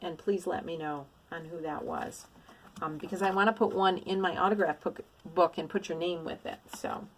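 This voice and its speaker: A middle-aged woman talks casually to her viewers about cross-stitch finds. Her voice sits a little low. She gushes and exclaims with plenty of enthusiasm. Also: fairly even intonation, moderate pace, a little hiss or hum. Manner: gushing, effusive, exclamatory. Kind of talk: casual show-and-tell haul.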